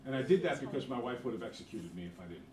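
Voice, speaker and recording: Animated male teacher in an echoey classroom. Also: medium pitch, very fast. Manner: joking, animated storyteller. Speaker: math teacher. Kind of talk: classroom lecture with storytelling. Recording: echoey room from far off, background noise.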